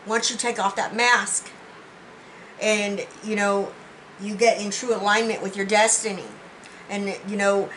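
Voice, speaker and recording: A woman's voice: medium pitch, sharp tone, a little hiss or hum, low-quality recording. A woman giving a spiritual tarot reading, speaking in an earnest, heartfelt way with many restarts. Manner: earnest, heartfelt, often says "you know". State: emotional, near tears. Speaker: tarot reader.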